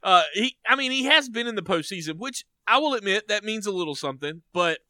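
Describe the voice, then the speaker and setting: A male podcast co-host with a very bright, forward voice, recorded close in a dead-dry room. He chats casually about sports, teasing his co-hosts, and gets animated when something excites him. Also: sits high, fast talker, no room sound.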